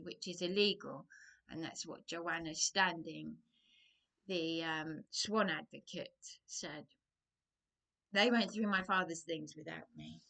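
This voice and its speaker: A woman talks straight into a close camera, wandering from one point to another. Her voice is bright and a little low, and she speaks slowly, with sighs and hesitant restarts. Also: vocal fry. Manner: digressive, hesitant, sighing. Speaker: vlogger. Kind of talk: rambling personal monologue.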